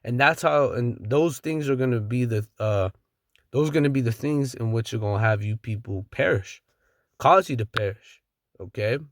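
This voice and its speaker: A man's voice: medium pitch, moderate pace, a little hiss or hum. Blunt slangy man preaching scripture. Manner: reads verses then riffs in blunt slang, chuckles. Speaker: street preacher. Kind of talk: scripture-reading sermon.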